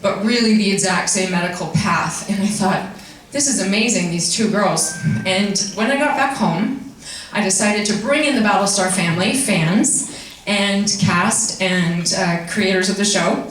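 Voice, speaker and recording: A woman's voice: medium pitch, normal speed. A woman tells a long personal story to a convention audience, chatty and self-deprecating and open about her emotions. Her voice sits in a middle range. It reaches the mic from well back in a huge hall thick with echo and a faint hum. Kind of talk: personal story told on stage. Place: large convention hall stage. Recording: echoey hall from far off.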